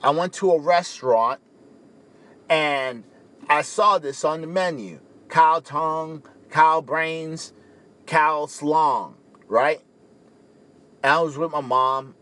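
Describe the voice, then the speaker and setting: A young man from the Caribbean, rambling in a casual, animated talk to camera and peppering his speech with "you know". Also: fairly high pitch. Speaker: vegan speaker.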